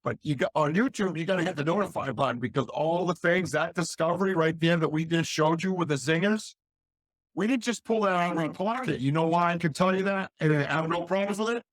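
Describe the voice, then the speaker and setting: A man who hosts a paranormal podcast, appearing as a guest and talking energetically and excitedly in a casual interview. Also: a little high, fairly quick, no echo.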